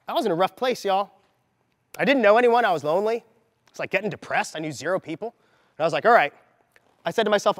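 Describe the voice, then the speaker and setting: A man in his thirties speaks as a motivational mindset coach to a gathered group, his voice sitting in a noticeably high register. He tells the story with energy and acts out the lines he quotes. The sound is close and dry up front, with a long reverb from the large hall trailing behind. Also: animated, quick pace.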